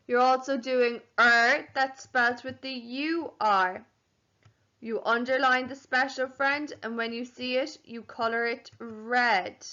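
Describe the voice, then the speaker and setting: Slow, clear teacher sounding out words. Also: female voice, fairly high pitch, bright, forceful tone, muffled recording. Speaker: primary school teacher. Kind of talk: home learning phonics lesson.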